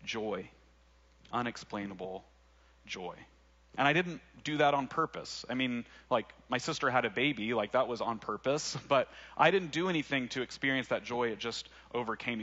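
Conversational young preacher. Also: male voice, mid-range voice, bright, forceful tone, highs cut off. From Arkansas. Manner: conversational, laughing asides, many fillers. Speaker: pastor. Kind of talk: sermon.

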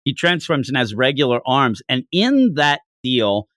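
A man hosting a casual comics review podcast, recapping the action with quick asides. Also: mid-range voice, sing-song, a bit bright, no room sound, clean studio sound. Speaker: podcast host. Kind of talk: casual manga review chat.

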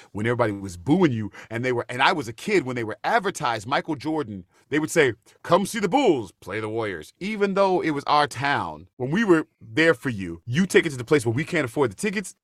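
A middle-aged man, a stage actor, telling lively stories in a casual chat, with big jumps in pitch when he quotes people. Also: a little fast, hardly any pauses, dry recording, clean studio sound. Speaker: guest, Broadway actor.

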